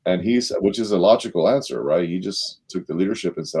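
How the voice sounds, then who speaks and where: Man, middle-aged, very low voice, mellow tone, panel storytelling, quotes acted out. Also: moderate pace, husky. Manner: animated storyteller, acts out quotes with rising pitch. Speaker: panel guest, former sales director. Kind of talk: storytelling in a leadership panel talk.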